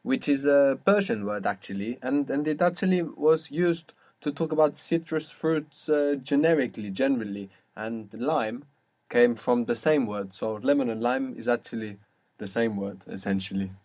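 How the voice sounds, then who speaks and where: A man's voice: medium pitch, moderate pace, a little mellow. A man teaching a language lesson, patiently asking questions and explaining rules step by step.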